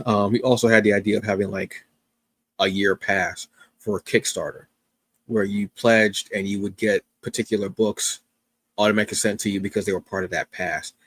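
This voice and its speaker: Here a man with a lowish, fairly bright voice hosts a comics review stream on his own, speaking at normal speed with fairly even intonation. Though tired from being up since early morning, he talks with casual enthusiasm, stumbling through fillers and restarts. No echo is audible.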